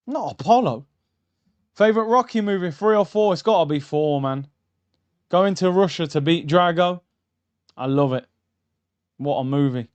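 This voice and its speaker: A young man hosting a live football watchalong, chatting through the game and yelling at the screen. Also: a little high, dull audio. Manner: excitable, shouts at the screen, chatty tangents. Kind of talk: live match reaction commentary. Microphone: streaming mic.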